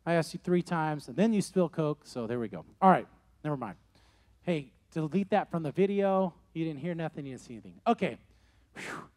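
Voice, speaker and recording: A man in his late forties preaching to young people, telling stories in an animated way and repeating key phrases. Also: on the high side, brisk. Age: 40s. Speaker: youth pastor. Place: room with a live audience.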